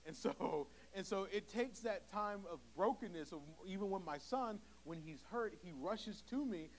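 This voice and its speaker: A young male preacher in a church with a notably high voice. He speaks in a relaxed, conversational way and acts out quoted exchanges as he goes. A faint hiss sits under the recording. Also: moderate pace, poor audio. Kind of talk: sermon. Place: church sanctuary.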